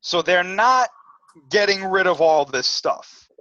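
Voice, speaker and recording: A man co-hosting a casual podcast, talking things through in a measured way with frequent fillers and reading from an article. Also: high voice, animated, sharp tone, no echo, lo-fi sound. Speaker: podcast co-host. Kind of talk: casual chat.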